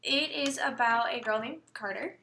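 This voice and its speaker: Young woman, bright tone, casual podcast guest, hesitant, giggly. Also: a little high, moderate pace, slight background noise. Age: young adult. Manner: hesitant with many fillers, giggly. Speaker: actress guest.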